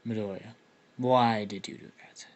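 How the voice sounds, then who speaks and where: A man voicing a rigid, accusing teenage class representative in a deliberately silly voice. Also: on the low side, fairly even intonation, natural voice. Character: rigid, accusing young male class rep.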